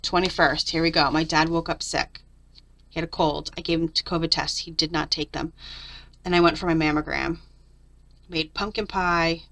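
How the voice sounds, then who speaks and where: A woman's voice: low voice, fairly even intonation, normal speed, gravelly, a bit bright. A middle-aged woman chatting candidly through a journal flip-through, venting about her week. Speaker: papercraft vlogger.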